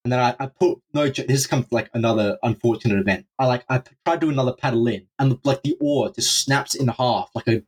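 A young man guest on a podcast, telling an adventure story in an animated, profane way and acting out his own panicked reactions. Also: medium pitch, fast, hardly any pauses, breathy edge. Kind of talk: storytelling in a casual interview.

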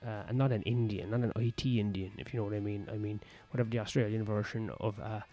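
A stand-up comedian, rambling crudely and jokingly in a casual vlog, recorded outdoors on a patio. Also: male voice, on the low side, level tone, quick pace, lo-fi sound, faint music behind.

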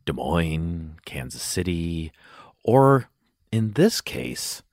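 A man's voice: low voice, big pitch swings, drawn-out words, darkish tone, no room sound, clean studio sound. A man co-hosting a food podcast, talking in a chatty, playful way with many fillers. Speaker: podcast co-host. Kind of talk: casual chat.

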